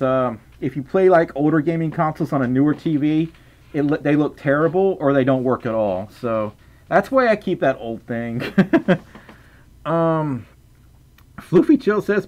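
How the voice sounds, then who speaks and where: A man's voice: a little high, lively intonation, normal speed, darkish tone, highs cut off. A young man chatting casually on a livestream, reading out chat and donations with playful stammers and restarts.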